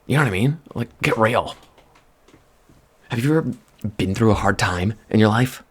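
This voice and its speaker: A man rambling in soft-spoken ASMR chat at a close microphone, drifting from hushed murmurs to excited outbursts. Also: fairly low pitch, moderate pace, breathy edge. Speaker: vlogger.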